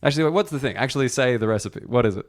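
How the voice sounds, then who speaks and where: A man's voice: medium pitch, racing. An Australian man hosting a casual podcast chat, rambling with many likes and swear words. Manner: chatty, swearing, full of likes. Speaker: podcast host.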